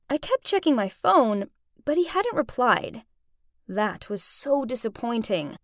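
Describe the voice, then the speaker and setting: Expressive young woman telling a story. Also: fairly high pitch, a little slow, no room sound, clean studio sound. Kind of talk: first-person animated story narration.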